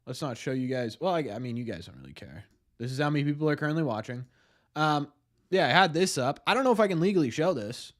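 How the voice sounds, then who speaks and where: A man hosting a casual live stream, greeting viewers in chat by name and ranting excitedly. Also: fairly high pitch, quick pace.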